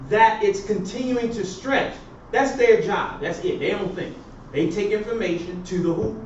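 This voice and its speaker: High-voiced man lecturing a class. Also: moderate pace, a little hiss or hum. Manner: quizzing students with fill-in questions. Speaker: professor. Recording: roomy, distant, dull classroom recording.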